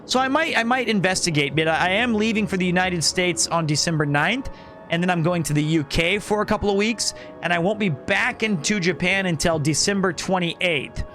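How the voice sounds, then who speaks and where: A man's voice: sits high, a little fast, fairly bright tone, soft background music. A man streaming a video game, chatting casually and rambling to his viewers between puzzles. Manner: chatty, rambling, talks to chat. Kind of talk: casual gaming stream chat.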